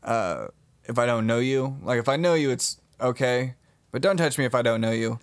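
Young man, podcast co-host, easygoing, lots of "like" and cursing, mid-pitched voice. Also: expressive, normal speed. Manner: laid-back storytelling, heavy filler words and swearing. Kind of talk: casual chat.

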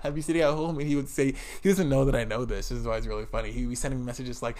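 A man's voice: medium pitch, very fast, few pauses. A man telling a story about his old job in a casual vlog, swearing and sounding exasperated as he tells it. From United States. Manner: profane, animated, exasperated. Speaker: vlogger.

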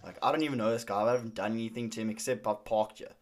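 A man's voice: lowish voice, steady tone, very fast. A young man in casual conversation, telling a story with frequent fillers and restarts. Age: young adult.

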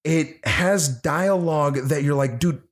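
Animated, cursing man reviewing a film. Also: a little high, unhurried. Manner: animated, profane, laughing storyteller. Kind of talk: casual movie review chat.

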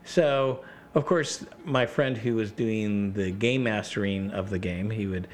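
A man's voice: on the low side, unhurried, slight background noise. A middle-aged man chatting casually as a podcast guest, rambling through gaming stories and acting out quotes. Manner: rambling storyteller, acts out quotes. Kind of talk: casual chat.

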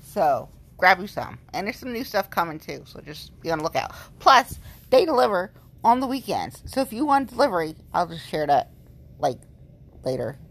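A woman's voice: lowish voice, sing-song, moderate pace, gravelly. A woman in her late thirties chatting casually as a vlogger, rambling and gushing, repeating herself, a little tipsy. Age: late 30s. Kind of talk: casual chat.

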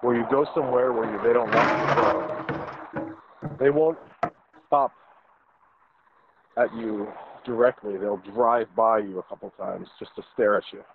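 A man chatting with a friend, animated and joking as he tells stories. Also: mid-range voice, unhurried, pauses often. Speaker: friend on a call. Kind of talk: casual chat. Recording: tinny phone line with faint noise and clicks.

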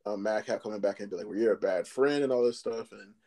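A man's voice: on the low side, quick pace, mellow. A man co-hosting a podcast in casual chat, laid-back and agreeable, often laughing. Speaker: podcast co-host.

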